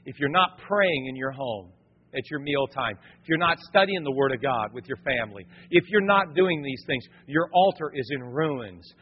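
A man preaching a lively sermon as pastor, dropping into casual slang and talking straight to the congregation. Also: on the high side, slightly rough. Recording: reverberant, dull lo-fi sound.

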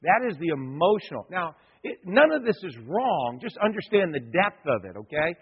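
A man's voice: fairly high pitch, very animated, normal speed, husky, in a large hall, narrow, tinny audio. A male pastor preaching in a church, folksy and repetitive, acting out quotes as he goes. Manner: folksy, repeats himself, acts out quotes. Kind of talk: sermon.

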